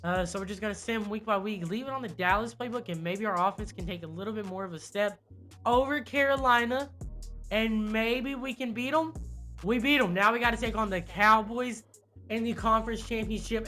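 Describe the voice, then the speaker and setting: A young man giving casual, excitable play-by-play commentary on a football video game, with lots of fillers. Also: high voice, brisk, soft background music. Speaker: gaming YouTuber.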